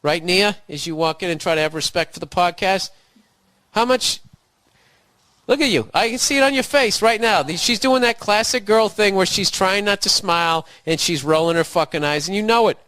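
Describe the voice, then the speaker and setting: A man's voice: high-pitched, moderate pace, bright, forceful tone, no room sound. A man doing a crude, swaggering comedic rant as a solo podcast host, swearing freely and laughing at his own jokes.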